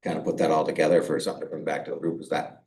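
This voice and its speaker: A man's voice: very deep voice, little pitch movement, rapid-fire, a little mellow. A man, a town official at a committee meeting, speaking plainly with dry, sarcastic asides.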